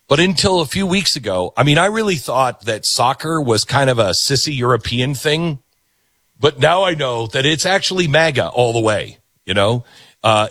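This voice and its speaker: A man hosting a talk show monologue. His pitch leaps and dips lively, and his voice is a little husky. He sounds dry and close, and he turns sarcastic while playing out imagined exchanges. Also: no echo. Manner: animated, sarcastic, acts out quoted voices. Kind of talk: opinion radio monologue.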